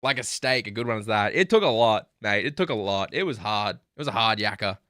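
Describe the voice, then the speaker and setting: An Australian man telling an animated, crude, self-mocking story to his livestream chat. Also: on the low side, a little fast, no echo, clean studio sound. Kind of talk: casual storytelling to stream chat.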